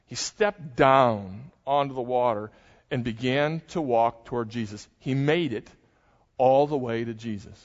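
A man's voice: medium pitch, measured pace. Older male pastor preaching in a reverberant church. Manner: animated storytelling, dramatizing the scene. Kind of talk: sermon. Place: church sanctuary. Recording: muffled, long hall reverb.

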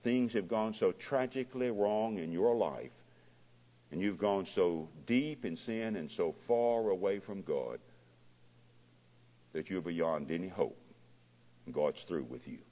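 A man preaching a sermon as pastor, his voice swelling and dropping dramatically in pitch and loudness, recorded in a church. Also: animated, measured pace, long pauses. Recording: dull lo-fi recording with long hall reverb.

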